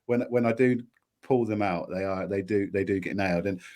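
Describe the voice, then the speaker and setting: Male podcast co-host, deep radio voice, rambling and self-deprecating, casual chat. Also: fairly quick, darkish tone.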